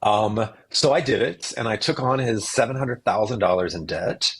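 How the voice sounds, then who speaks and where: A middle-aged man with a low, husky voice, a guest on a podcast. He tells his story in a relaxed, animated way and slips into the voices of the people he quotes. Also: moderate pace. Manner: animated storyteller who acts out what others said. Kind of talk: casual storytelling interview.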